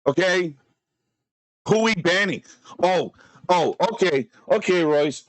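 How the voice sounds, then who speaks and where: Man, high voice, slow dragged-out delivery, dry close sound, theatrical fake-angry stream rant. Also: lively intonation, no echo, poor audio. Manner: mock-furious, theatrical ranting.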